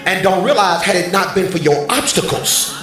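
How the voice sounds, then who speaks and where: A male pastor preaching a sermon from a church stage, animated and bantering with the congregation. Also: sits high, moderate pace. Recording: very echoey hall, faint music.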